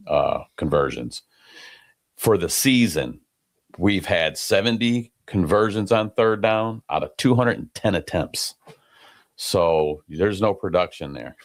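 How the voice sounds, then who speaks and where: A man co-hosting a casual sports podcast, blunt and quick to get heated about players. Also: a bass voice. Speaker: podcast co-host.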